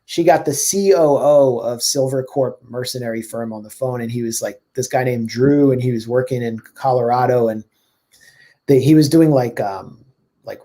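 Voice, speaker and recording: A man's voice: medium pitch, mellow. Sardonic man in casual political talk. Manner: fast, sardonic, fillers like "like" and "I mean". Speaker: journalist guest.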